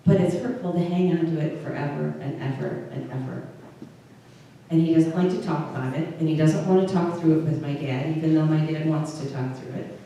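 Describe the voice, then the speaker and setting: A woman's voice: sits low, a little fast, warm tone. A woman pastor giving a conversational sermon, often stopping and restarting her phrases. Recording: distant mic in a very echoey room with faint noise.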